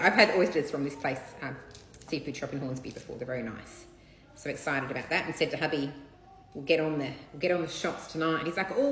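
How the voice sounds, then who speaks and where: A woman gossiping casually while she assembles a seafood platter in her home kitchen, with children bathing somewhere in the house. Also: low voice. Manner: chatty, gossipy, candid, occasional swearing. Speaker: vlogger. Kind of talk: casual chat while cooking. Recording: echoey room, faint background noise. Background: children splashing in a bath.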